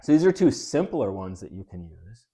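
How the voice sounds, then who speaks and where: A man's voice: medium pitch, very animated, moderate pace, warm tone. A man co-hosting a casual wellness talk show, explaining ideas through analogies in a conversational way, often restarting his sentences. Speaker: podcast co-host.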